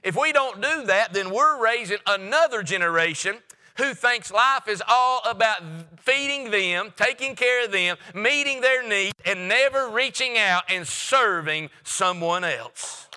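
Male pastor, emphatic sermon delivery, high and very bright, church hall reverb. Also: lively intonation, unhurried, clear, resonant tone. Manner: emphatic preaching with repeated phrases, drops to a hush for stress.

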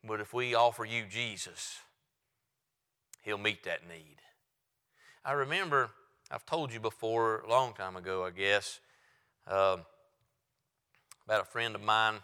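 A man's voice: lowish voice, measured pace, pauses often, bright, forceful tone, smooth, in a large hall. A man preaching a sermon as a pastor, telling a story and then building to emphatic appeals.

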